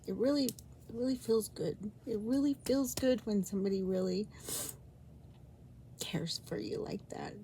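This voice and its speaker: A woman vlogging about her own love life, talking in a halting, rambling way with many restarts and an emotional, sometimes near-whispered delivery. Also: mid-range voice, warm tone, slight background noise. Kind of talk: personal storytelling vlog.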